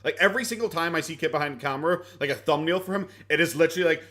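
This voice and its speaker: A man's voice: a little high, racing, bright, forceful tone. An Irish man reacting to a video in casual commentary, rambling, sarcastic and swearing freely, often laughing. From Ireland.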